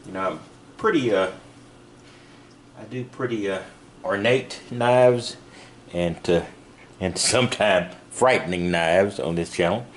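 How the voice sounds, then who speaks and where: Male vlogger, low-pitched, halting and chatty, light noise behind. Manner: rambling, halting, many fillers and restarts. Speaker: knife reviewer. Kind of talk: casual product demo vlog. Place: van.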